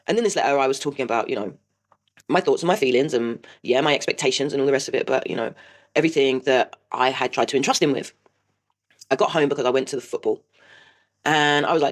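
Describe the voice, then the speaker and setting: A woman in her forties talks straight to the camera in a casual vlog. She rattles through her story at a quick clip. She is blunt and swears freely. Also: a bass voice, expressive. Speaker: vlogger host.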